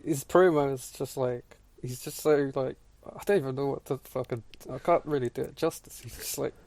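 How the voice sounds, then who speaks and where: A man's voice: mid-range voice, moderate pace, a little mellow, dry recording. A man co-hosting a podcast in casual, sweary chat. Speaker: podcast co-host.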